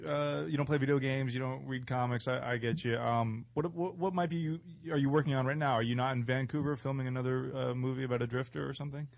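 A man's voice: medium pitch, steady tone, fast talker, creaky, few pauses, no echo. A man co-hosting a podcast in casual comedic chat, placating and upbeat with hesitant restarts. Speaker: podcast co-host.

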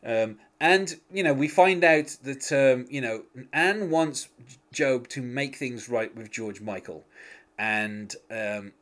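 A man's voice: mid-range voice, slow pace, fairly bright tone. A man chatting casually on a podcast, laughing often and talking with lots of fillers and restarts. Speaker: podcast host. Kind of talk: casual chat recapping a TV episode.

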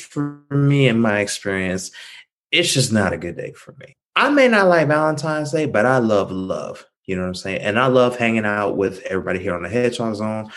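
A man co-hosts a casual online podcast in a low voice. He talks playfully and with animation. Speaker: podcast co-host.

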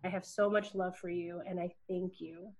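A woman working in student affairs, giving an earnest, heartfelt tribute as a podcast guest, soft-spoken with many fillers. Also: on the low side, little pitch movement, moderate pace.

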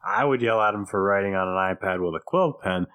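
A man co-hosting a podcast, chatting casually with sarcastic, deadpan quips and loose swearing. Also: fairly low pitch, quick pace, clean tone. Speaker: podcast co-host. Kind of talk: casual chat.

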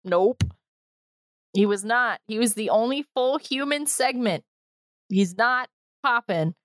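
A woman co-host chatting casually and wryly about old TV segments. Her voice is mid-pitched and the recording is dry and close. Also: slow pace, no room sound. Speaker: podcast co-host. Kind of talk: casual chat, explaining clips.

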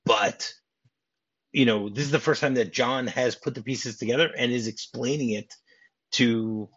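A man's voice: mid-range voice, steady tone, normal speed, fairly bright tone, slightly rough. A man guest on a podcast, casually recapping a film scene in detail with lots of "you know". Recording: dull lo-fi podcast audio.

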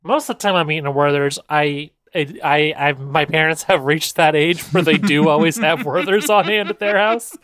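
A woman's voice: low-pitched, a bit bright, no echo. Wry woman bantering on a podcast. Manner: wry, quick to push back. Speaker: podcast co-host. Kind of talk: casual comedic chat.

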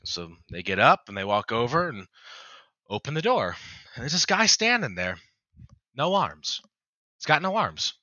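Joke-telling man with a bright, tense voice. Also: medium pitch, very animated, normal speed, long pauses, no echo, highs cut off. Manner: rambling storyteller with many restarts and swearing. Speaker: podcast co-host. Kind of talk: casual joke-telling chat.

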